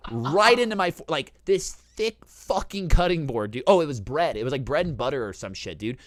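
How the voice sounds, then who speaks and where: A man hosting a casual chat, telling a long story in an animated, profane way and saying "dude" constantly. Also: fairly high pitch, moderate pace, no echo, studio quality. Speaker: host.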